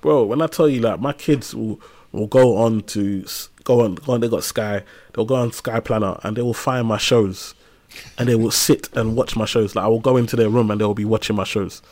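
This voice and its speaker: A man in his thirties, a podcast guest who tells lively stories in casual slang. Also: lowish voice, a little fast. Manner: animated storytelling with casual slang. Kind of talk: casual conversational interview.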